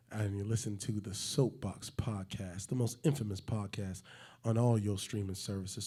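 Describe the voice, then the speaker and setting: A man co-hosting a podcast, recording promo intros, switching between a hyped announcer shout and a smooth seductive voice. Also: fairly low pitch. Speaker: podcast co-host. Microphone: handheld microphone.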